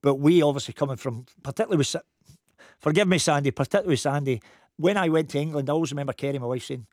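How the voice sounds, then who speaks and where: A man's voice: fairly high pitch, rapid-fire, no echo, clean studio sound. A man with a Glasgow accent, a football coach telling a funny story in a casual chat. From Scotland. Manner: lively anecdotal storyteller.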